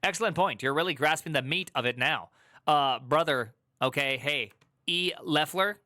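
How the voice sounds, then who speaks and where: A man's voice: fairly high pitch, pushed and bright, dry recording, studio quality. A man on a tech stream reading an article aloud and breaking off into joking asides. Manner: reads aloud with quick asides and joking rants. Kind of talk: casual reaction stream.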